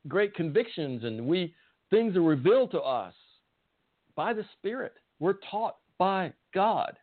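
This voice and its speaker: A man with a Southern US accent giving a conversational Bible sermon, folksy and often asking his listeners questions. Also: high-pitched. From Southern United States. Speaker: Bible teacher. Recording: tinny phone-like audio.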